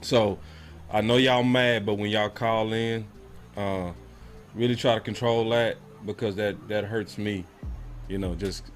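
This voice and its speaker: A man hosts a live sports watch show, speaking casually and straight to his audience in a lowish voice. Faint music plays behind him. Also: steady tone, a little slow. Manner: casual, addresses viewers directly. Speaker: host.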